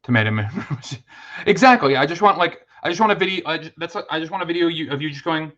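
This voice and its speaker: A man's voice: on the high side, lively intonation, fast, sharp tone, dull audio. Chatty man hosting a livestream. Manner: chatty, thanks viewers, many fillers and restarts. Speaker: livestream host. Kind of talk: casual livestream chat.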